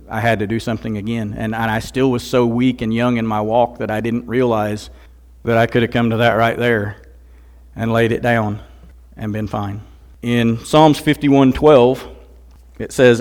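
A man's voice: mid-range voice, fairly even intonation, moderate pace. Older man, guest preacher, earnest testimony, bursts of emphasis. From Missouri, USA. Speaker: guest speaker. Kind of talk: sermon with personal testimony.

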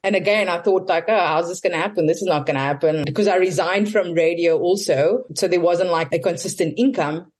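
A woman telling a personal story in casual podcast chat, animated and acting out the people she quotes. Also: on the low side, brisk, hardly any pauses, breathy edge. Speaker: guest telling her story.

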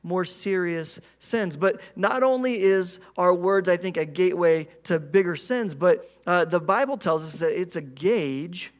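A man's voice: high voice, unhurried, few pauses. A man in his thirties preaching a sermon in a conversational way, often repeating words and asking "right?". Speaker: pastor.

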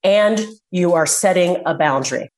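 A woman guest in a casual interview, speaking earnestly and slowing down to stress her points. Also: on the low side, darkish tone, poor audio. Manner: earnest, emphatic, slows for key points. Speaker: guest, communication coach.

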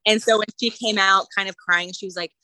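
A woman's voice: medium pitch, brisk, poor audio. A woman in her late twenties, telling a personal story in casual conversation with frequent laughs and fillers. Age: late 20s. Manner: animated, laughs often, many fillers. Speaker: guest sharing her story.

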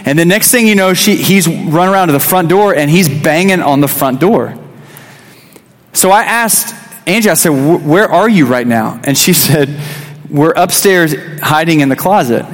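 A man's voice: fairly high pitch, animated, moderate pace, in a large hall. A man in his thirties, a youth pastor, giving a conversational sermon with a personal story, restarting phrases and acting out quotes. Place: church sanctuary.

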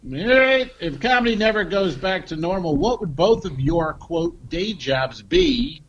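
Dry rambling podcast host, lo-fi. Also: male voice, high voice, big pitch swings, unhurried, creaky, fairly bright tone, slightly rough. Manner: dry, meandering, many fillers. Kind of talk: casual banter.

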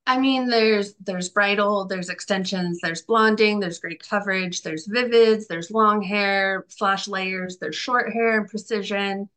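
A woman's voice: mid-range voice, fairly even intonation, unhurried, hardly any pauses, fairly bright tone. A woman salon owner as a podcast guest, talking in a rambling, self-deprecating way full of "like". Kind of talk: conversational podcast interview.

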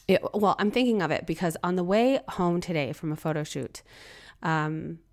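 A woman with a slightly low voice hosts her own podcast while fighting off a cough, so her voice sounds strained and worn. She rambles in a friendly, chatty way and bursts into exclamations when something bothers her. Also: normal speed, a little mellow. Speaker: podcast host and photographer. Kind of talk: casual solo podcast talk.

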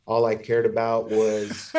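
A man sharing his personal testimony as a guest, speaking in a measured, halting way and clearing his throat. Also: fairly low pitch, monotone, mellow, recorded from a distance, a little hiss or hum.

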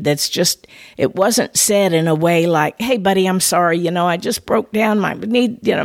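An older woman hosting a message, telling a personal story in an animated, conversational way with playful asides. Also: lowish voice, no room sound, studio quality.

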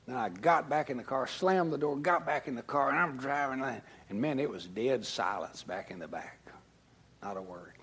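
Husky pastor telling a story. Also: male voice, mid-range voice, moderate pace. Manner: storytelling, swings from hushed to loud. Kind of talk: sermon.

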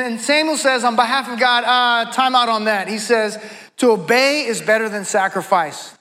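Man, pastor, very high voice, preaching to a congregation, repetitive cadence. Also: a bit bright. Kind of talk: sermon. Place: church before a congregation.

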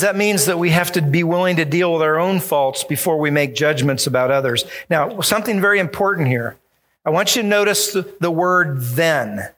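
A man's voice: on the high side, a bit bright. A male pastor preaching a sermon, emphatic and acting out the voices he quotes.

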